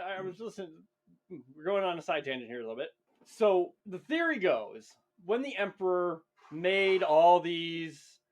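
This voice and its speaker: Lively, excitable man on a podcast. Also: fairly high pitch. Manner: excitable, swears casually, gets loud when animated. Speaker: podcast co-host. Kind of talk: casual chat.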